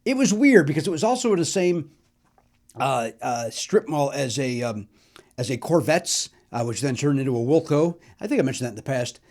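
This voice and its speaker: A man's voice: mid-range voice, very animated, normal speed, a little mellow. A middle-aged man from Chicago, a comedian hosting a podcast, telling joking stories about old records in a chatty, self-deprecating way. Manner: chatty, self-deprecating, sings snatches of songs. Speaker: podcast host.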